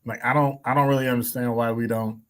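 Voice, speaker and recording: A man's voice: mid-range voice, level tone, fast talker, a bit bright. A male radio host giving blunt opinion commentary, emphatic and wry, stacking up rhetorical questions. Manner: blunt, wry asides and chuckles.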